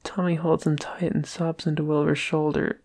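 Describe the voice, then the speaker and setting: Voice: mid-range voice, level tone, moderate pace, darkish tone. An amateur reader narrating a fan story aloud, stumbling and restarting now and then.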